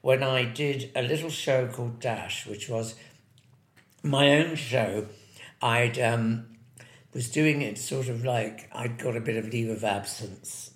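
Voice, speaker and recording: A man's voice: mid-range voice, slow pace. A man in his seventies, a former ballet dancer, rambling on in a casual interview with wry, self-mocking humour. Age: 70s. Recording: roomy echo.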